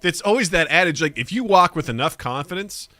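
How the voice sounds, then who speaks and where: A male podcast host in casual chat, telling stories in an animated way and acting out the dialogue. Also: fairly high pitch, a little fast, no room sound. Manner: animated storytelling that acts out dialogue.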